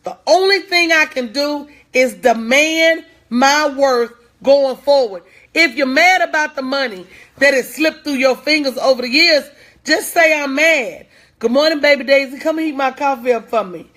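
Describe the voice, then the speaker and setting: A woman's voice: high-pitched, moderate pace, a bit bright. A woman giving a live-stream motivational talk, preaching with lots of repetition, urging viewers to respond and greeting them by name in a casual, folksy way. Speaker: motivational speaker.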